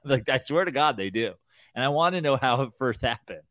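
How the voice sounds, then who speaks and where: A man's voice: medium pitch, animated, quick pace, a bit bright, dry recording. A male comedian co-hosting a podcast, chatting casually and rambling with lots of filler words. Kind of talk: casual chat.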